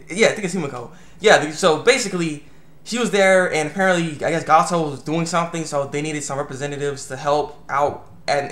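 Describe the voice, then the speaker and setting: A young man reviewing an anime episode in a rambling, excitable way, full of restarts and fillers. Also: a little high, reverberant. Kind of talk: casual video review.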